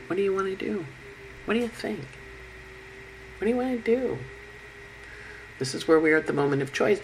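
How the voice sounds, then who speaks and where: A woman talking through her weekly astrology forecast, animated and chatty, slipping into little voices for the planets, while unwell. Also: very deep voice, slight background noise, low-quality recording. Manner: animated, acts out planets' voices in quick asides. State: unwell with covid.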